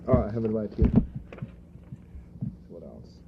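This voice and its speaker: A rabbi giving an informal spoken lesson, talking conversationally and repeating himself for emphasis. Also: male voice, lowish voice, sing-song, measured pace, gravelly. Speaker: rabbi teaching a class. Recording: dull lo-fi archival recording with faint background noise.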